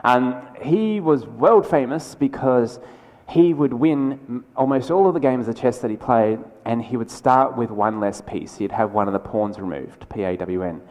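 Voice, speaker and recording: A man delivers a conference keynote in a chatty, energetic way, with quick asides and restarts. His voice sits at a middle pitch. The sound carries the long reverb of a large lecture hall. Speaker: keynote speaker.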